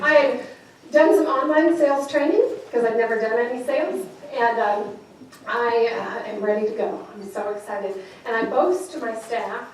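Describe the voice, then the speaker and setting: Brief: high-pitched woman, lively motivational speaker telling stories, heard from far off in a reverberant hall. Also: slight background noise. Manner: animated, laughing often, acts out voices in her stories. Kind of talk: storytelling keynote speech. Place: large event hall with audience.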